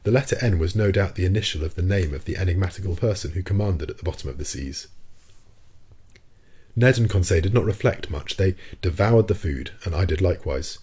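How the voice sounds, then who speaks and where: In a low, husky voice, a man narrates an audiobook of a classic novel. He tells the story at a calm, even, measured pace.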